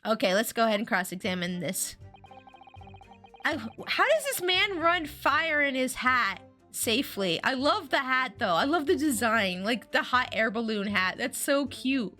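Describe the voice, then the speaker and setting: Chatty, bright-voiced streamer woman. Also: a little high, sing-song, measured pace, faint music behind. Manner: chatty, giggly, talks to chat. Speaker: streamer reading a game aloud. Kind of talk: casual live-stream commentary.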